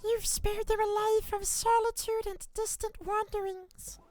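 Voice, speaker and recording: A man voicing a gentle, motherly insect queen in a video game, reading her lines aloud in a soft, kindly, sentimental way. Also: very high voice, flat delivery, a little slow, soft background music, voice pushed up. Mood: tender.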